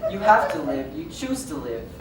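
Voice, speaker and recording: Brief: woman playing lonely obsessive fan of musicals, low, chatty, wistful; stage recording from afar. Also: sing-song, moderate pace. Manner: chatty asides, wistful and rambling. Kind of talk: amateur stage musical acting. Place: theatre stage. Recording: echoey hall, mic far from stage, noisy.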